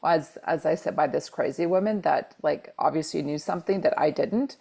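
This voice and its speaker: A woman in her forties telling a personal story on a podcast in a casual, animated way. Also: low voice, normal speed, vocal fry, slightly rough. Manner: animated, acts out quoted dialogue with repeated exclamations. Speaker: podcast co-host.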